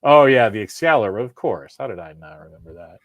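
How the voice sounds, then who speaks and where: A man in middle age with a low voice hosts a live show on a video call. He talks in a loose, joking ramble, trailing off and restarting. The sound is close and dry. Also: big pitch swings, brisk, no room sound. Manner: rambling, self-interrupting, joking. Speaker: podcast host. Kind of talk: casual live-stream chat.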